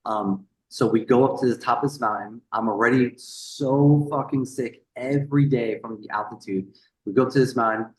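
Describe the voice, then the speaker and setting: A man on a podcast, telling a story in a casual, animated way. He swears freely, repeats words and acts out the people he quotes. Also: medium pitch, normal speed, roomy sound, poor audio. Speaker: podcast guest.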